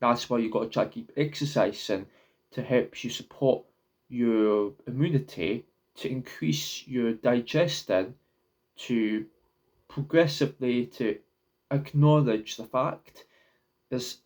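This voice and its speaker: A man's voice: mid-range voice, darkish tone. A young man talking casually to camera in his own vlog, rambling, often stopping and restarting his words. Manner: halting, repeats and restarts words. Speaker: vlogger.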